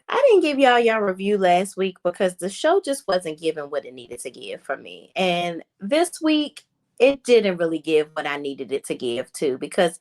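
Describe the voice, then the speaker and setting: A woman host giving a sassy, animated, casual recap of a TV episode straight to her viewers. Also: mid-range voice, normal speed. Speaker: reality TV reviewer.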